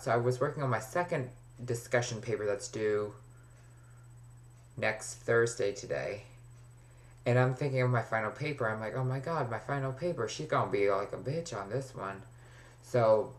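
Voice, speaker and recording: A man's voice: medium pitch, moderate pace. A young man talking casually to camera in a rambling video diary, now and then dropping to a near whisper. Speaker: vlogger.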